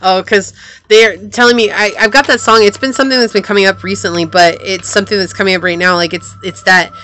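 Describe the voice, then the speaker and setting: A woman's voice: medium pitch, fairly even intonation, fast, bright, forceful tone, slight background noise. A woman giving a casual tarot reading to camera, rambling and repeating phrases, with a sore throat. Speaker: tarot reader.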